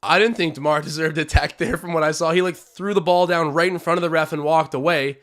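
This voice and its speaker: A young man from Canada hosting a live basketball watch-along, calling plays and chatting with his viewers, animated and swinging from hype to groans. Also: on the high side, fast. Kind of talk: excited live game commentary with chat.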